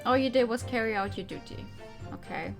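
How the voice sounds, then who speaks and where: A woman's voice: a little high, brisk, vocal fry. A woman reading the lines of an earnest young male defense attorney. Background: background music.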